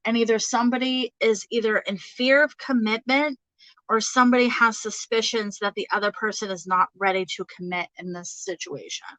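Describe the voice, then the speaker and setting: A young woman reads tarot in a casual, chatty way, laughing easily as she speaks straight to her viewers. Her voice is bright and forward, recorded close and dry with almost no room sound. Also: fairly high pitch, fairly even intonation, normal speed, dry recording, rough recording. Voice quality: chatty, giggly, talks to her viewers directly. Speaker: tarot reader. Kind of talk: casual live tarot reading.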